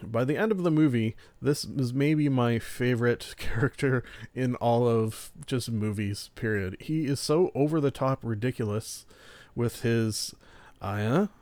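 A man's voice: medium pitch, measured pace, a little mellow, no echo. A man hosting a solo podcast, reviewing films and shows in a casual, rambling way, often restarting and chuckling. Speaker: podcast host.

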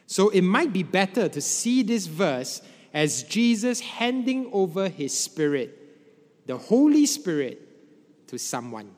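A man preaching a sermon in a measured way, letting his voice drop low at the ends of phrases. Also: big pitch swings, darkish tone. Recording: long hall reverb.

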